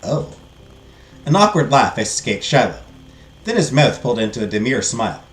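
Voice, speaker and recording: Middle-aged man, from the United States, expressive, lively pitch, story reader, roomy echo, soft music. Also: a little fast. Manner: expressive reader, chatty asides. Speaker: host. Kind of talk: reading a game's story aloud.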